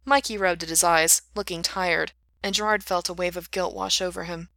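A woman reads a story aloud in an even, unhurried voice. Her voice is low but bright and forceful. The recording is dry and close. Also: gravelly, no room sound. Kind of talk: reading fan fiction aloud.

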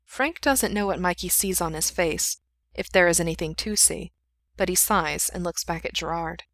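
A woman reading a fan fiction story aloud in steady, unhurried narration. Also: on the low side, dry recording.

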